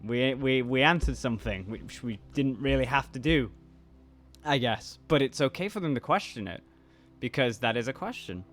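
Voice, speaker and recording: A man's voice: medium pitch, lively intonation, normal speed, fairly bright tone, faint music behind. Rambling young man with a mixed British-American accent. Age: 20s. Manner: rambling, restarts sentences, reads comments aloud. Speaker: YouTuber and voice actor. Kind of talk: casual chat reacting to comments.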